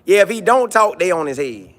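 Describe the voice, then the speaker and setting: A high-voiced man talks fairly quickly while chatting casually on a live stream. Animated and jokey, he reads comments, repeats lines, and tries out mock voices.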